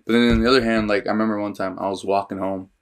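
Low-voiced young man telling street stories. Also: very fast. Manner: profane storytelling, slangy and animated when quoting others. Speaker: podcast co-host. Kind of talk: casual podcast chat.

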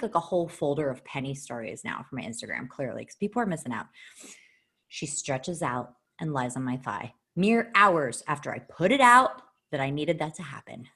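A woman co-hosting a casual talk show, chatty and giggly, swearing freely and jumping into bursts of excitement. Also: low voice, brisk, breathy edge. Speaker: podcast co-host. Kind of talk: casual chat.

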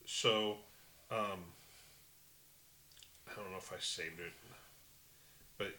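A man co-hosting a casual political podcast, animated and quick to laugh. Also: lowish voice, a little hiss or hum. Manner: animated, laughs often, swears. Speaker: podcast co-host.

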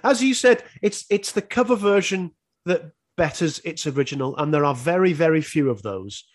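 A man's voice: a little high, expressive, normal speed. Laughing, chatty male podcast co-host. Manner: chatty, laughs often, swears casually. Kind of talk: casual chat reviewing an album.

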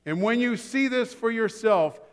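High-voiced pastor preaching in a reverberant hall. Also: male voice, lively intonation, normal speed, smooth. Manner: acts out a dialogue between buyer and seller, shifting voices. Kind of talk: sermon.

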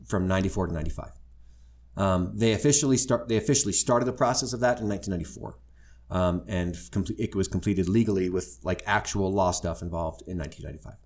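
A middle-aged man telling his life story to a live audience, candid and wry, poking fun at himself. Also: deep voice. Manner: wry, self-deprecating, animated when quoting others.

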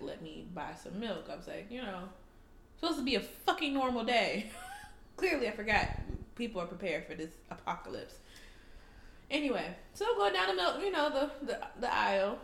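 A woman co-hosting a casual chat, telling a profane, animated story and acting out the people in it. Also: medium pitch, gravelly, echoey room. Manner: animated, profane, acts out people in her stories.

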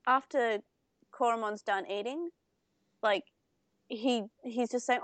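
A young woman co-hosts a casual podcast, walking through an episode at length. She talks in a chatty way, full of fillers and restarts, at an ordinary middle pitch. Her voice is recorded dry and close to the mic. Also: steady tone, normal speed, dry recording. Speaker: podcast co-host. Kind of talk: casual chat comparing anime versions.

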